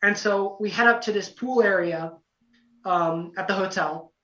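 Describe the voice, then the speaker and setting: A young man telling a casual story as a podcast guest, lively, acting out quotes, with lots of "you know" fillers. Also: sits high, unhurried. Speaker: podcast guest, former singing contestant. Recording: roomy, distant, dull lo-fi sound.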